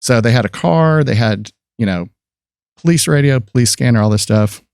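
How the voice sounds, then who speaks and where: A man's voice: mid-range voice, moderate pace, gravelly, a little mellow, clear, resonant tone, no room sound, studio quality. A man in his fifties, a podcast guest and photographer, telling rambling stories about his life in a casual chat, with many fillers and restarts.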